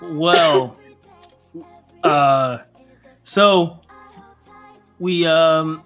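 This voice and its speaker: Rambling animated young man telling a story. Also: on the high side, very slow, soft background music. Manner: rambling, animated, acts out quotes with laughs. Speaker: podcast guest or co-host. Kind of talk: casual storytelling.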